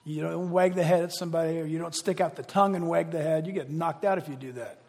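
High-voiced preacher in a reverberant hall. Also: male voice, creaky. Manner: reads verses slowly, breaks in with excited asides. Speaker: pastor. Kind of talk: sermon reading scripture with commentary.

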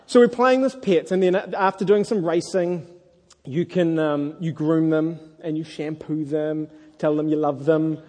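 A married man preaching a sermon to a congregation, earnest and lively when he tells stories. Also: a little high, measured pace. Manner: earnest, animated storytelling. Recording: echoey hall.

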